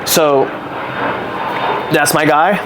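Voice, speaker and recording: A man's voice: on the high side, drawn-out words, background noise. A man in his thirties telling his own story in a casual interview, earnest and candid, often acting out what other people said. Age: 30s. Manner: earnest, candid and reflective, with animated retellings. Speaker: podcast guest.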